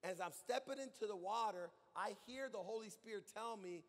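A male pastor preaching a sermon to a congregation, building to loud shouted calls and asking the crowd to answer back. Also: high-pitched, normal speed, long reverb tail. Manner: preaching with rising shouts and call-and-response. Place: church sanctuary.

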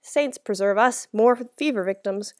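A woman's voice: fairly high pitch, fairly quick, no echo, studio quality, lightly acted. A woman voicing a cowardly short male burglar in a storybook reading, with a fearful, whining way of talking.

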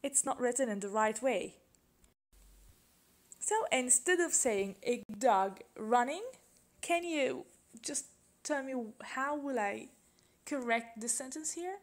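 Woman, English teacher, classroom grammar lesson, patient, repeats examples, unhurried delivery. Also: high-pitched. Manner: slow, patient, asks questions and repeats examples.

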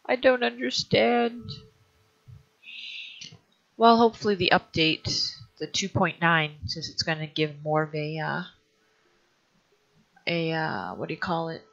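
A woman's voice: sits low, a little slow, gravelly, long pauses, a bit bright. A woman hosting a let's play, thinking aloud in a hesitant way and often trailing off mid-sentence. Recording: dull lo-fi recording.

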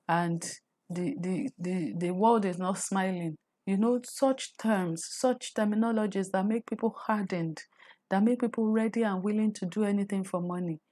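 A woman's voice: mid-range voice, mellow. A woman with a Nigerian accent teaching a faith-based career lesson, earnest and preachy, often repeating words as she builds her point. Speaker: career coach.

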